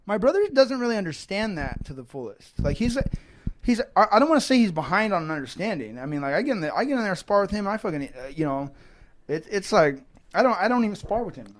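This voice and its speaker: A man's voice: high voice, big pitch swings, quick pace, a little hiss or hum. A fighter in a casual interview, talking in a rambling, profane way and often restarting his sentences.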